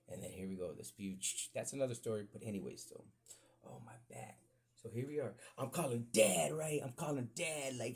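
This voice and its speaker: Gravelly, rambling man telling stories. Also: mid-range voice, a little fast. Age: adult with children. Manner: rambling, profane, animated, acts out quotes. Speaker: podcast host. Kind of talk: casual storytelling.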